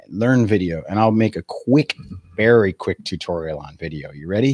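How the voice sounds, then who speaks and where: A man's voice: on the low side, animated, normal speed, a little mellow, slightly rough, no echo, studio quality. A man in his forties, a real estate coach giving a live video webinar in a blunt, profane, laughing rant. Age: 40s.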